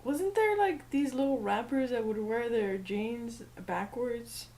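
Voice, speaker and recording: A woman's voice: fairly high pitch, measured pace, darkish tone. A woman co-hosting a podcast in casual chat, teasing and amused. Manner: teasing and amused, laughs often. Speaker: podcast co-host.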